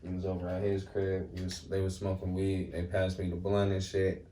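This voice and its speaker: A man's voice: deep voice, completely flat delivery, moderate pace, warm tone. A young man from Milwaukee telling laid-back, slangy stories as a guest in a casual chat. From Milwaukee, Wisconsin. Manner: laid-back slangy storytelling, lots of "you know what I'm saying". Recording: roomy echo, distant mic, faint noise.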